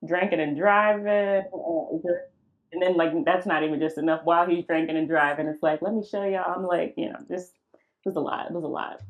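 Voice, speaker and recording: A woman's voice: low voice, steady tone, a little fast, narrow, tinny audio. A woman co-hosting a podcast in casual chat, easygoing and laid-back with informal slang. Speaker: podcast co-host.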